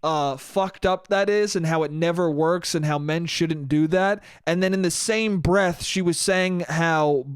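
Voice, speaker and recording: A man's voice: fairly high pitch, unhurried, few pauses, smooth, dry recording, studio quality. Rambling, profane young man podcasting solo. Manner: rambling, profane, self-mocking, frequent laughs. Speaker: podcast host. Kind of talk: solo casual podcast monologue.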